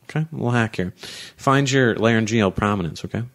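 Guy with a lowish voice, casual podcast chat, laughs a lot, walks you thru voice tricks. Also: fairly quick, a bit bright. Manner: laughs often, explains voice tricks like a coach. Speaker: podcast co-host.

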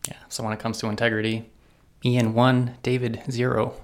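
Dry, low-key male co-host. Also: little pitch movement, moderate pace. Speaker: podcast co-host. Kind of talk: casual chat.

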